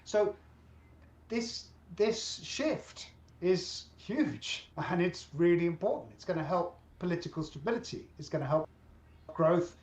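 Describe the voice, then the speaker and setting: A man's voice: sits high, expressive, unhurried, darkish tone. A man analyst explaining fuel prices and interest rates in an interview, with some fillers. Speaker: economic analyst. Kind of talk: interview answer. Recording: roomy, dull remote audio.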